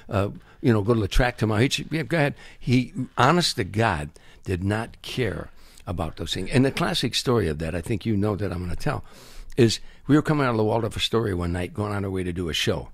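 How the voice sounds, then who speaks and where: An older man tells show-business stories in a husky, slightly low voice. He acts out the people in them with lively jumps in pitch. The sound is close and dry. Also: a little fast, few pauses, dry recording. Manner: animated anecdotes, acts out quotes. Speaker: guest comedian. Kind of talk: storytelling interview.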